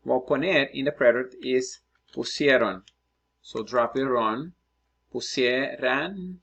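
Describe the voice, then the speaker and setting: A man teaching Spanish, working through practice exercises out loud and thinking aloud as he writes. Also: medium pitch, creaky. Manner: slow, patient, thinking aloud while writing. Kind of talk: screen-recorded lesson, working through exercises.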